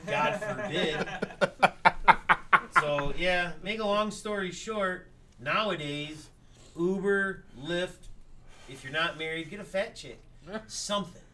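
High, bright-voiced man telling stories. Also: takes it slowly, pauses often. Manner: profane, laughs through his stories. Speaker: podcast guest. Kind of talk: casual storytelling. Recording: off-mic with faint background noise.

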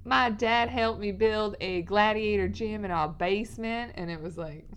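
A woman co-hosting a casual chat, playful and expressive, laughing often. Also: medium pitch, moderate pace, slight background noise. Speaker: podcast co-host.

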